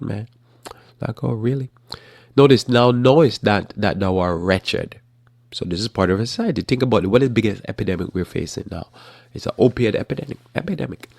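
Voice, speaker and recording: Deep gravelly man musing on the news. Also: no echo, clean studio sound. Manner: rambling with restarts, flat matter-of-fact delivery. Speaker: host. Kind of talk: casual religious current-events commentary.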